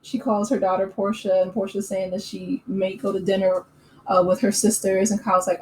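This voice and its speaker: Woman, casual recap host, chatty and opinionated, medium pitch, echoey room, faint background hum. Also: fairly even intonation, moderate pace, a little mellow. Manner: chatty, opinionated, frequent fillers and laughs.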